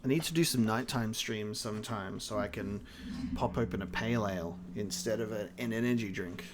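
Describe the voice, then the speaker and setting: A man's voice: lowish voice, a little fast, background noise. A man with an Australian accent chatting casually while streaming a co-op game, laid-back and rambling with fillers. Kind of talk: casual co-op gaming chat.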